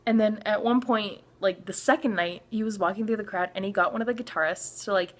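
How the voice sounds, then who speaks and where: Excitable young Canadian woman vlogger. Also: medium pitch, fairly quick. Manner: excitable, many filler "like"s, acts out quotes. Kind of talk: storytime vlog.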